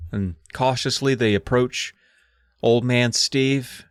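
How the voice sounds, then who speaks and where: A man co-hosting a comedy podcast, retelling a story with lively delivery. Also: mid-range voice, normal speed, clear, resonant tone, no echo, clean studio sound. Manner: animated, laughing storyteller. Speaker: podcast co-host.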